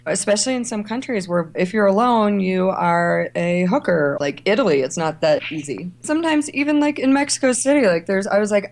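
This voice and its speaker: A woman's voice: medium pitch, brisk, hardly any pauses. A middle-aged woman from Ohio and Kentucky, a travel writer, talking in a conversational interview and acting out the voices of people she quotes. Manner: animated storyteller, acts out quoted voices. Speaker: travel writer and editor, guest.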